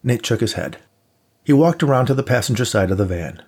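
A man narrating an audiobook in a steady, measured way. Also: mid-range voice, slightly rough.

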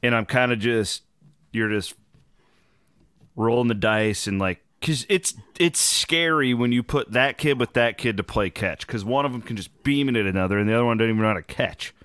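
A man hosting his podcast in casual chat, hoarse from travel, telling loose, rambling stories with the odd swear. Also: medium pitch, moderate pace, fairly bright tone, no room sound, studio quality. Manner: loose, rambling, profane storytelling. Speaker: podcast host.

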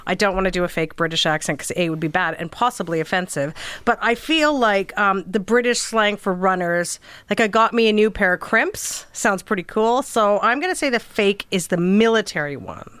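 A woman's voice: mid-range voice, animated, brisk, few pauses, fairly bright tone, clear, resonant tone, no echo. A chatty woman on a radio puzzle panel who laughs easily as she reasons through her guess. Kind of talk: casual game-show banter.

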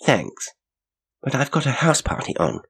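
A man's voice: on the low side, sing-song, a little fast, slightly rough, voice pushed up, heavily acted. A man reading a mystery story aloud and voicing a determined young woman traveller. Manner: indignant and determined.

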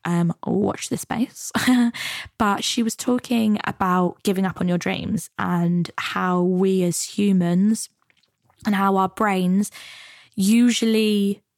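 A woman from the UK talks through her podcast in a chatty, earnest, motivational way. Her voice carries a touch of gravel and sits at a middle pitch. The sound is close and dry. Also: steady tone, takes it slowly, no room sound. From United Kingdom. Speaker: podcast host and coach. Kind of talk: reflective solo podcast talk.

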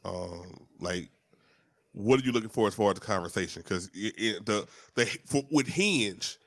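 A man co-hosts a podcast in relaxed, slangy chat, his voice sitting a little low. He stumbles through restarts and keeps checking in with the listener. The recording is dry and close. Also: moderate pace, no room sound. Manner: slangy, stammers restarts, says you know what I mean often. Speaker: podcast co-host. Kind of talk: casual chat.

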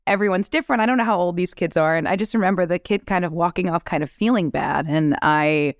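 A woman shares stories on a podcast with lively, laugh-filled candor and casual swearing. Her voice is smooth and clear, recorded close and dry with no room sound. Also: fairly low pitch, quick pace, no echo. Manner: animated, laughing, acts out quotes. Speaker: actress guest. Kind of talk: candid podcast storytelling.

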